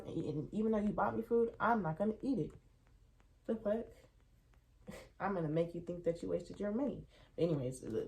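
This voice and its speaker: Low-voiced woman venting a storytime. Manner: animated, venting, swears freely. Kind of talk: casual storytime.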